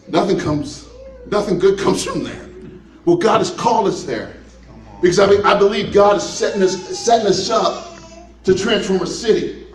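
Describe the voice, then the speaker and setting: High-voiced pastor preaching in an echoey church. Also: male voice, normal speed. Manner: humorous, conversational storytelling with laughs. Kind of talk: sermon. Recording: echoey room, mic at a distance.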